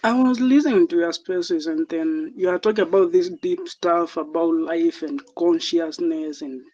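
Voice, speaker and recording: A man from Kenya with a Kenyan accent, calling in to a live chat show and speaking haltingly as he searches for words. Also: high-pitched, darkish tone. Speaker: caller. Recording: dull lo-fi call audio.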